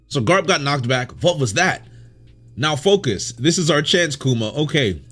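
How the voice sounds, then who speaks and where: Excitable man reacting to a comic. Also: on the high side, normal speed, husky, soft background music. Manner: excitable, laughs often, slangy. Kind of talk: casual reaction commentary reading a comic aloud.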